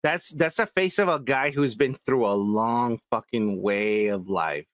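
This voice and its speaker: A man's voice: medium pitch, expressive, measured pace, dry recording. A man co-hosting a podcast in casual chat, emphatic and swearing heavily as he argues his point. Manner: emphatic, heavy swearing, repeats "come on, man". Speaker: podcast co-host.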